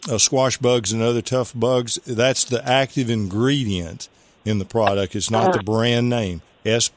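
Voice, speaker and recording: A man's voice: medium pitch, steady tone, measured pace, dry recording. A man hosting a call-in gardening radio show, giving rambling, folksy advice and spelling out product names.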